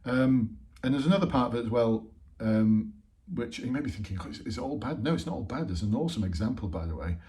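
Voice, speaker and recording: Direct man coaching, dark mellow voice. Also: medium pitch, fast. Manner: direct, emphatic, asks rhetorical questions. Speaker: police interview coach. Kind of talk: instructional talk.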